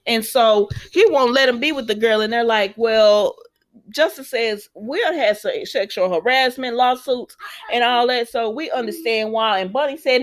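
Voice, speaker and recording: A woman's voice: on the high side, moderate pace. Chatty woman recapping a soap. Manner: chatty, animated retelling with asides to the audience. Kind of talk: casual recap monologue.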